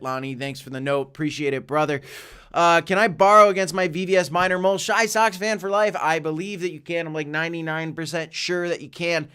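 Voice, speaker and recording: A man's voice: a little high, a bit bright, clean tone. A man hosting a live crypto show from his home office, upbeat and joking as he chats with viewers. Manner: upbeat, joking, chatty asides. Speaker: crypto livestream host. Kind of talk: live market commentary reading viewer chat.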